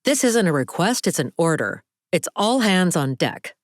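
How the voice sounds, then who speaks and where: A woman reading an audiobook, voicing an overworked female boss who gives orders in a brisk, commanding way. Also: low-pitched, animated, no room sound, clean studio sound. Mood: demanding.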